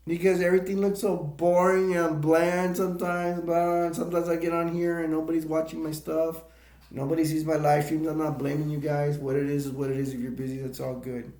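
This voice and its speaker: In an emotional live stream monologue, a man cries as he rambles, repeating himself. His gravelly voice is a little high and a little fast, slightly mellow, with little pitch movement, and the room is echoey.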